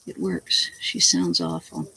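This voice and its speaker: Gravelly woman rambling on her home vlog, blunt and chatty, cusses a lot, husky voice. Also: very deep voice, sing-song, takes it slowly, bright, forceful tone, poor audio. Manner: blunt, chatty, swears freely, rambles between topics. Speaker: vlogger. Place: at home, talking to the camera.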